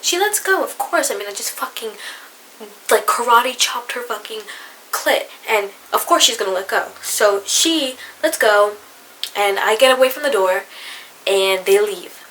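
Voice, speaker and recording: A woman's voice: a little high, animated, measured pace, fairly bright tone, a little hiss or hum, poor audio. A young woman vlogger telling a story casually and animatedly, full of swearing, in a dim room on a camera mic.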